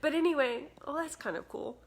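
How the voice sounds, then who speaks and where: A woman's voice: sits high, brisk, vocal fry. A woman talking casually to her phone camera indoors, bubbly and chatty, with many "like"s. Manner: chatty, bubbly, says "like" a lot. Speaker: spiritual vlogger. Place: indoors at a house with cats.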